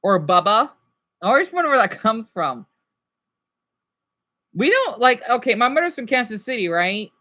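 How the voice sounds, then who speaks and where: Woman, live-stream chat, talks straight to viewers, lively pitch, fairly high voice. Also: moderate pace, long pauses.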